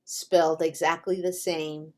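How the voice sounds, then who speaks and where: A woman's voice: low voice, level tone, a little mellow. A woman teaching English pronunciation to learners, speaking patiently and spelling out each example word with care. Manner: drawn-out, carefully spaced delivery with examples.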